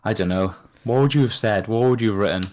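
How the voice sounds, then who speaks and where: A man's voice: fairly low pitch, fast, darkish tone. A man, a podcast guest in casual chat, patiently spelling out words and laughing often.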